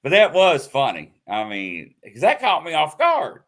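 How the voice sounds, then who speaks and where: A man hosting a live show in casual chat, telling a story with loud acted-out quotes. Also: a little high, a little slow. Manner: animated storytelling, acts out quotes loudly. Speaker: host.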